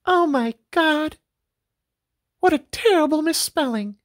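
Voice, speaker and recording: A woman voicing a group of gossiping 1980s housewives in a high, giggly, prim voice. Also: big pitch swings, measured pace, exaggerated voice. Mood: astonished.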